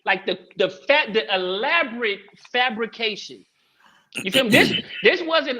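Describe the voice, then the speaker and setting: A man telling a lively story on a panel about fathers, acting out quoted lines and swearing casually. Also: extremely high pitch, measured pace. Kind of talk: animated storytelling. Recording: dull lo-fi sound.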